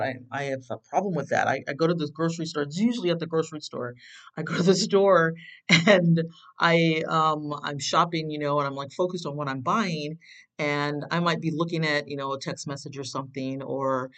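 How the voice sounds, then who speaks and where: A self-help speaker in an easy, rambling way, full of fillers and false starts, with a voice of middling pitch. Questions jump sharply upward in pitch. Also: fairly bright tone, low-quality recording. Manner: rambling and conversational, with many fillers and restarts; sudden jumps in pitch on questions. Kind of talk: casual advice talk.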